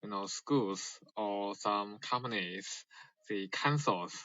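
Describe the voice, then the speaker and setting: A man whose first language is Mandarin calls in to a livestream from China. His English is slow and careful, with many hesitations. His voice is low and bright-edged, and the audio is dry and dull. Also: no echo. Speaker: caller on a livestream. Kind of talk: casual chat in English as a second language.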